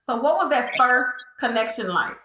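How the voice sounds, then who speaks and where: Bright-voiced woman host, roomy echo. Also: on the high side, lively intonation, moderate pace. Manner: asks long probing questions, encouraging. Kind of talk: interview.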